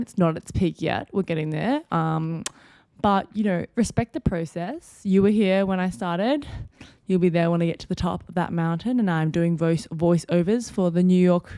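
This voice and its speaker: Brief: twenties woman, rambling podcast host, lowish voice, playful tone jumps. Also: darkish tone, no room sound, studio quality. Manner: chatty, rambling, playful sudden pitch jumps. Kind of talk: casual solo podcast chat.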